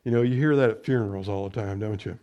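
A middle-aged man preaching as a pastor, lifting his voice loud on scripture and dropping to quiet, conversational asides. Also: lowish voice, fast talker, dull audio. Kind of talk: sermon.

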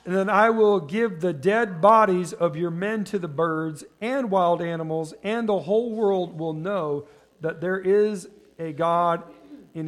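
A man preaching a sermon in a conversational way. He asks the congregation questions and slows down when reading scripture. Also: high voice. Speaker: pastor.

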